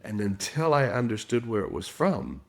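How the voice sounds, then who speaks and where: A man's voice: on the low side, very animated, moderate pace, creaky. A middle-aged man, a guest expert in a podcast interview, telling stories and acting out quotes. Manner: storytelling with acted quotes.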